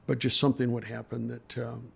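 An older man with a gravelly, creaky edge to his voice, speaking as a guest in an interview. He tells courtroom stories in an earnest and emotional way, pausing often with small fillers. His pitch sits in the middle for a man. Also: little pitch movement. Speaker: trial lawyer guest. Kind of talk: storytelling in a podcast interview.

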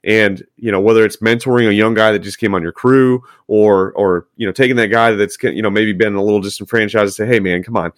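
A man's voice: on the low side, fairly even intonation, a little fast, hardly any pauses, no room sound, studio quality. A man, a firefighter, talking earnestly and encouragingly in a casual podcast chat, with frequent restarts.

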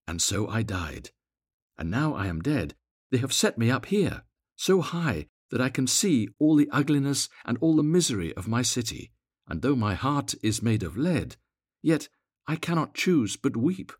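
A man voicing a sorrowful statue of a prince, speaking in a low, musical, grave way in a storybook reading. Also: breathy edge, no echo, clean studio sound.

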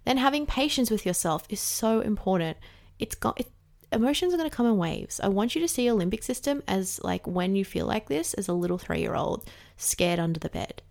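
A woman's voice: mid-range voice, animated, a little fast, gravelly, a little mellow. A woman talking casually and candidly about processing emotions, chatty with many fillers and the odd swear word. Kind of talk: casual reflective monologue.

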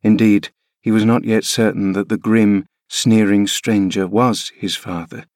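A man reading a classic novel aloud as scripted narration, measured and unhurried. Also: lowish voice, fairly even intonation, darkish tone, no echo, studio quality. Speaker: audiobook reader.

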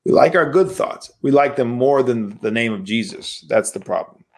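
A man's voice: medium pitch, lively intonation, normal speed. A man, a priest, giving a livestreamed spiritual lecture in a conversational, emphatic way, often asking rhetorical questions.

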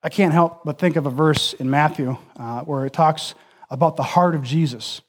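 A male preacher with a high-pitched voice delivers an impassioned sermon. He stacks repeated phrases into building lists, then sinks to a hushed, almost whispered voice to land a point. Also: moderate pace. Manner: dramatic drops to a soft, near-whispered voice for emphasis.

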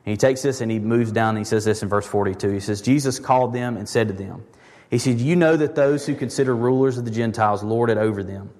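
A pastor preaching a sermon in a conversational, emphatic way, repeating words for stress. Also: male voice, medium pitch, quick pace, darkish tone, in a large hall.

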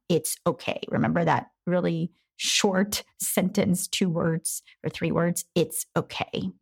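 A woman's voice: medium pitch, expressive, measured pace, gravelly. A woman coaching parents in an emphatic advice talk, acting out quoted voices now and then.

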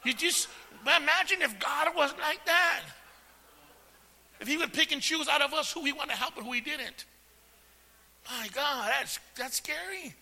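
Raspy high-voiced preacher in a reverberant church. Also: male voice, moderate pace, long pauses. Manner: preaching with call-and-response, swings from soft to shouting. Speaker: pastor. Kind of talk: sermon. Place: church sanctuary. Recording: long hall reverb.

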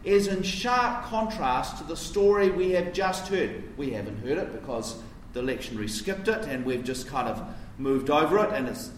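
Male preacher, slightly high voice, chatty teaching sermon, distant mic with faint room ambience. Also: sing-song, normal speed, hardly any pauses, reverberant, a little hiss or hum. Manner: conversational, explanatory, rhetorical questions.

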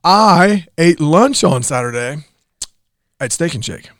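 A man's voice: a little high, animated, slow, fairly bright tone, no echo, clean studio sound. A man in his forties co-hosting a casual church podcast, rambling and chatty, laughing often as he tells stories. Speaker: podcast co-host. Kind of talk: casual chat.

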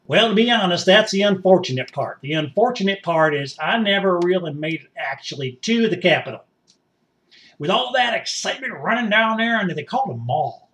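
A boastful, rambling country rioter, all worked up and folksy. The voice sits high and swings wildly up and down. It sounds a bit distant from the mic. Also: male voice, expressive, brisk, a bit bright. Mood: fired up. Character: excitable folksy rural male rioter, rambling. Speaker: interview guest. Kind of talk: satirical mock interview.

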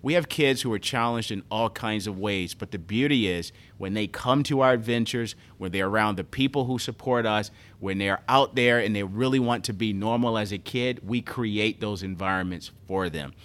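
A man who leads a children's charity, speaking as a guest and telling stories in an earnest, animated way. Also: lowish voice, moderate pace, hardly any pauses. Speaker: nonprofit CEO and guest. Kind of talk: conversational storytelling.

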